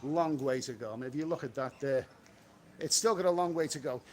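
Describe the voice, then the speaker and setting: A man's voice: medium pitch, slight background noise. A middle-aged man reading out live chat on a travel livestream, talking bluntly and chattily, recorded outdoors on a street. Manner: blunt, chatty, quick to snap at trolls.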